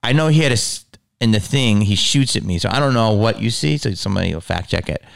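Profane, gravelly man telling stories. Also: lowish voice, fast. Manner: profane, animated, acts out quotes in voices. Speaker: podcast host. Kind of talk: casual storytelling monologue.

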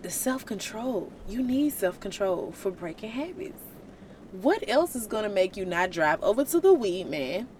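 Animated woman preaching casually. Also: medium pitch, a little slow, a little hiss or hum. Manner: colloquial, animated, conversational. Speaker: Christian vlogger.

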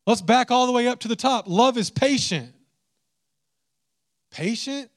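A man preaching a sermon, animated and humorous, swinging into mock exasperation. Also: extremely high pitch, brisk. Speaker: pastor.

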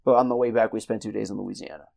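Gravelly, laid-back young man. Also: lowish voice, steady tone, rapid-fire, darkish tone. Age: young adult. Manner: laid-back, swears freely, rambling storyteller. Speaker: podcast co-host. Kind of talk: casual chat.

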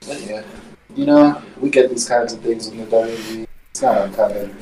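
A man co-hosting a podcast, giving his opinions in relaxed casual chat while sitting away from his mic. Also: lowish voice, moderate pace, a little hiss or hum, low-quality recording. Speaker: podcast co-host.

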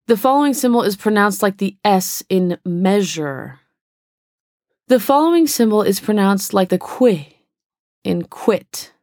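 A woman narrating a pronunciation lesson in a slow, careful, instructional way. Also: medium pitch, darkish tone, dry recording, studio quality. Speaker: language course narrator.

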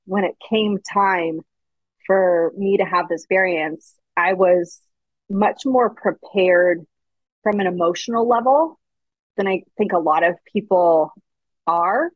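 Woman, interview guest, husky, earnest storytelling, dry lo-fi sound. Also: lowish voice, no echo. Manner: earnest, reflective storytelling, acts out quoted voices. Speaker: guest author. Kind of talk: candid interview conversation.

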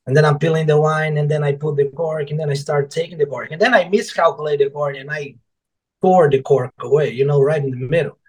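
Animated storytelling man, fairly high voice. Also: fairly quick, breathy edge, low-quality recording. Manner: animated, swearing, acts out quotes. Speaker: guest author and former server. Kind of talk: casual storytelling.

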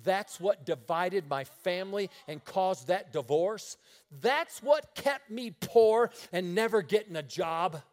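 A man pastor preaching a sermon through lively, laughing storytelling. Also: high-pitched, slow. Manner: animated storytelling with frequent laughter.

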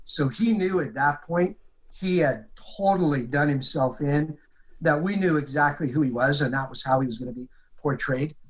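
On a low-quality recording, a man with a voice on the high side speaks at normal speed. As a guest detective, he animatedly recounts a case, vividly quoting the people involved.

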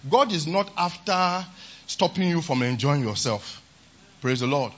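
Male pastor, emphatic sermon delivery with a husky edge, muffled lo-fi conference recording. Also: a little high, expressive, unhurried. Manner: emphatic, repeats "praise the Lord". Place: large conference hall.

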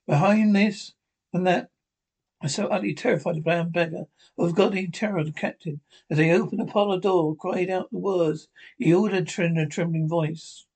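A man's voice: sits high, fairly even intonation, moderate pace, a little mellow, slightly rough. A man reading a novel aloud as narrator, stumbling and restarting often. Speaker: audiobook narrator.

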